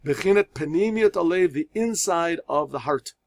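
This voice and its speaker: A man, a rabbi teaching a religious class, who reads Hebrew phrases aloud and explains each one in English, telling parables with pauses and restarts. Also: on the high side, lively intonation. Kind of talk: religious lesson.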